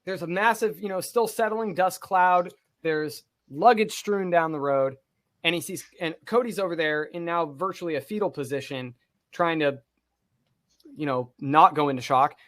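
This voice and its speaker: A man, a podcast co-host, telling a long personal story in casual talk, animated and swearing freely. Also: on the high side, normal speed.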